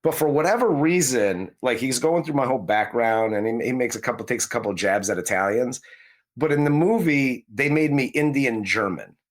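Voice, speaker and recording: A man's voice: mid-range voice, expressive, normal speed. A man co-hosting a movie review chat, rambling and talking about the film as if he were its hero. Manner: rambling, speaks in character as the film's hero in first person. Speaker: movie review podcast co-host. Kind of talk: casual chat.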